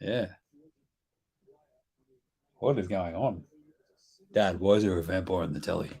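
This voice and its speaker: A man's voice: deep voice, measured pace, vocal fry, mellow, breathy edge. Joking Australian man hosting a live stream. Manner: joking, chatty, talks to his baby. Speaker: host. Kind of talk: casual live stream game chat.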